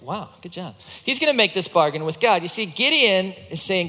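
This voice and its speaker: A bright, high-pitched man tells a Bible story to a group of children in a playful way and coaches the young volunteers acting it out. His voice swoops up and down with energy and echoes through a large hall. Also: expressive, moderate pace, hardly any pauses. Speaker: children's ministry teacher.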